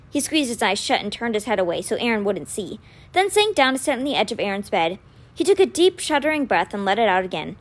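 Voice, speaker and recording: A woman reading chapters of a children's novel aloud in an expressive, animated storytelling manner. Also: medium pitch, fairly quick.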